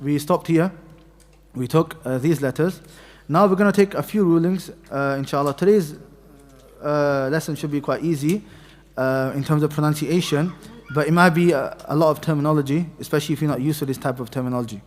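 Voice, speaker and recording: A tajweed teacher of Pakistani heritage leads a mosque class, patiently sounding out letters at a brisk pace and pausing for students to repeat. His voice is slightly high, and each word fades into the long echo of the mosque hall.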